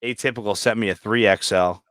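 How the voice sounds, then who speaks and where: Profane, joking man with a low voice. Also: a little fast, dry recording, clean studio sound. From New York, USA. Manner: joking, profane, animated storytelling. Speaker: livestream host, reptile breeder. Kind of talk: casual chat.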